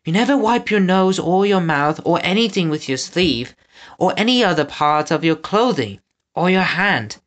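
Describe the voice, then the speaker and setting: A man's voice: high voice, expressive, normal speed, a bit bright, pitched above the performer's own voice. Prim bossy young girl, as a man puts her on. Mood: lecturing. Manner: prim, lecturing.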